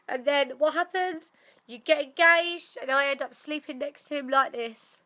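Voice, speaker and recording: A woman's voice: sits high, unhurried, a bit bright. A young woman chatting casually to camera with a badly blocked nose, swearing freely and laughing often. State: blocked nose after surgery. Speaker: vlogger.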